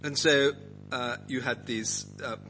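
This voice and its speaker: A man's voice: mid-range voice, fairly even intonation, takes it slowly, noisy background. A man teaching a Bible passage to a group, asking them questions and acting out quotes. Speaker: preacher leading a Bible study.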